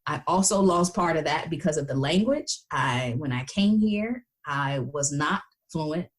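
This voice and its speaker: A woman's voice: deep voice, expressive, measured pace. An American woman in an interview, telling stories in a chatty way with many fillers and playful quoted voices. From United States. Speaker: guest. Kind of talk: casual interview chat.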